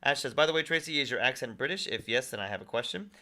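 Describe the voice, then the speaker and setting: A man's voice: medium pitch, expressive, quick pace, pushed and bright. A man hosting a casual gaming livestream, reading viewer chat messages aloud and chatting back. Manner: reads viewer chat aloud and replies conversationally. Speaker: livestream host.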